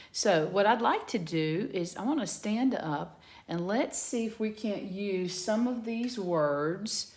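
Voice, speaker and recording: A woman teacher giving a patient phonics lesson to young children from her home garage, sounding out letters slowly. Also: lowish voice, roomy sound.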